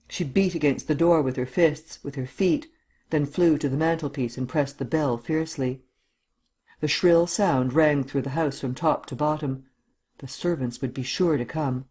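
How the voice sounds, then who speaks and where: A man reading a classic novel as an audiobook in a measured storytelling voice, acting out the dialogue. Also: a little high, a little mellow, slightly rough. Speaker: audiobook narrator. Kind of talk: scripted audiobook narration.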